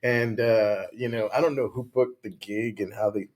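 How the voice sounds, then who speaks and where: A man's voice: on the low side, moderate pace, a little hiss or hum. A man, a comedian telling a story in a casual chat and acting out the people in it. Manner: animated storyteller who acts out quotes.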